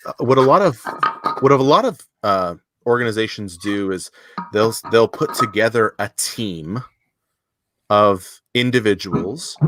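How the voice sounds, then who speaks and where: A man's voice: lowish voice, a bit bright, dry recording. A man co-hosting a business podcast in casual chat, joking and loose, often restarting sentences. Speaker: podcast co-host.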